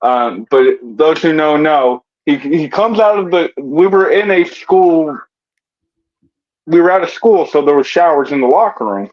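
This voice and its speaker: A man's voice: a little high, expressive, measured pace. A man from West Virginia, a guest comedian and wrestler, telling rambling stories in casual podcast chat with lots of stammered restarts. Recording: dull lo-fi audio.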